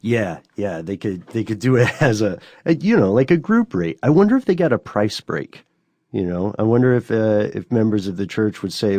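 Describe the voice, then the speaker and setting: A man's voice: lowish voice, very animated, normal speed, darkish tone, no echo, studio quality. A man co-hosting a podcast in casual chat, talking loosely and checking in with "you know" and "right?". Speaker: podcast co-host.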